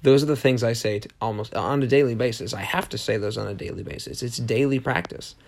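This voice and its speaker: With a medium-pitched voice, some vocal fry and a quick pace, a podcast host rambles earnestly through his solo motivational show. He frequently starts over and repeats brief, forceful affirmations.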